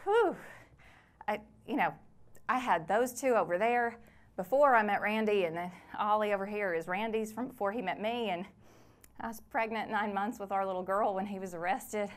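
A woman's voice: mid-range voice, moderate pace, natural voice. Lucy, woman playing a chatty prison wife. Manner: rambling, friendly, scolds her kids between sentences. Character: chatty weary mother of four, prisoner's wife. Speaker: stage actor in a one-woman play. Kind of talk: theatrical monologue.

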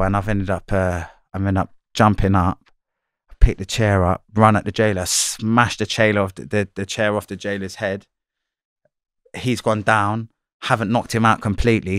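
Male, low and even delivery, candid storyteller, swears freely, dry close recording. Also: no echo. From London. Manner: blunt, swearing, slangy, repeats himself. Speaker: interviewee.

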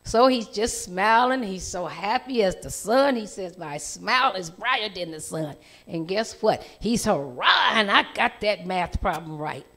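A woman telling a children's story in church, with animated storytelling and lively voice changes. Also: medium pitch, unhurried.

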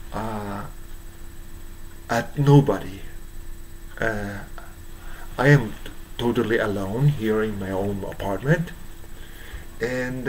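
A man with a Japanese accent, hoarse from strain, giving a halting monologue full of fillers and restarts. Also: mid-range voice, darkish tone, a little hiss or hum, low-quality recording. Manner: halting, many fillers and restarts, searching for English words. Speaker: YouTuber. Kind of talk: slow rambling monologue.

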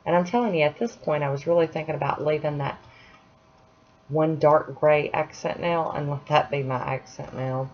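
A woman's voice: low-pitched, moderate pace. A woman chatting casually through a nail art tutorial at home, apologetic and self-deprecating as she works. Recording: dull lo-fi sound, faint hiss.

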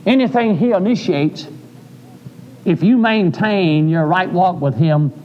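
Recorded live in a reverberant church sanctuary with lo-fi sound, an older man delivers a sermon. His voice is high and a little slow, and his folksy storytelling swells into fervent cries.

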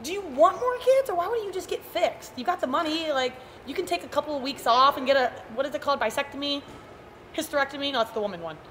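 A woman's voice: high voice, lively intonation, fast talker, hardly any pauses, fairly bright tone, slight background noise. A woman co-hosting a podcast, telling rambling stories in casual chat and filling them with "like". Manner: rambling storyteller, heavy use of "like". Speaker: podcast co-host.

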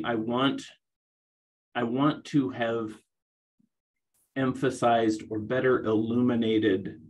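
A middle-aged man giving a conference presentation on rehabilitation, talking in a halting way with many restarts. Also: medium pitch, a little mellow, highs cut off. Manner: hesitant, many restarts and fillers.

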